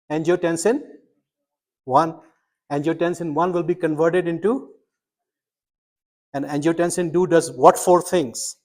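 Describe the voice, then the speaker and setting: A middle-aged man teaching a medical school class, quizzing students and explaining step by step with emphatic energy. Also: fairly high pitch. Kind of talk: interactive classroom lecture.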